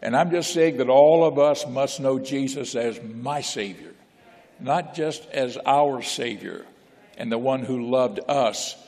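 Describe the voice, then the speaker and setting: A man's voice: medium pitch, takes it slowly, darkish tone. A man, a bishop, preaching a sermon in a folksy way, repeating phrases and asking the congregation questions. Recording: long church reverb.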